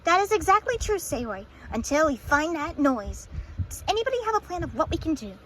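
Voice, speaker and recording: A woman voicing anime schoolgirls at a sleepover in a plush toy video, with excitable, quick back-and-forth chatter. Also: sits high, slight background noise. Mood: lively.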